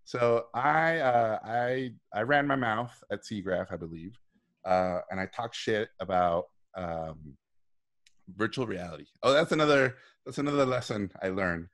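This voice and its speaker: A man's voice: on the low side, measured pace, a bit bright. A middle-aged man, a guest on a live video call, telling stories animatedly, acting out quoted voices and swearing freely. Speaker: guest speaker. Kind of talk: casual storytelling on a live video talk.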